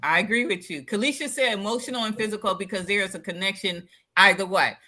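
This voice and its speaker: Bright-voiced blunt woman talk-show host. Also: medium pitch, fast. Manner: blunt, emphatic, reads out viewer comments. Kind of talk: casual live-stream chat.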